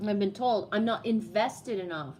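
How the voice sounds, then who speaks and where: A middle-aged woman from Canada chatting casually on a livestream, telling stories in an animated way with a lot of swearing. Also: mid-range voice, normal speed, a little hiss or hum. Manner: animated storytelling with heavy swearing. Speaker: livestream host.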